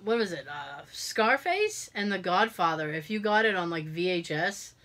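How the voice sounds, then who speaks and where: A woman co-hosting a podcast, telling an animated story in casual chat and acting out the quotes. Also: lowish voice, normal speed. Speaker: podcast co-host.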